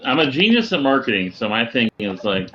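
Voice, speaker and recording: A man's voice: medium pitch, sing-song, a little fast. Self-mocking man on a dull call. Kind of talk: casual chat.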